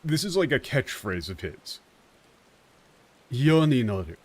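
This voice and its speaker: Animated, swearing young male streamer. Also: medium pitch, a little slow, husky. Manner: animated, profane, many fillers. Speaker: streamer explaining translations. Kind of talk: casual game commentary.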